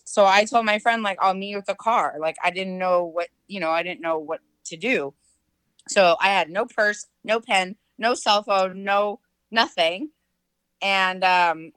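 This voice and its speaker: A middle-aged woman telling a personal story in casual chat, full of fillers and lively quoted voices. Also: fairly low pitch, clear, resonant tone, no room sound, low-quality recording. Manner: chatty, filler-heavy, animated quoting.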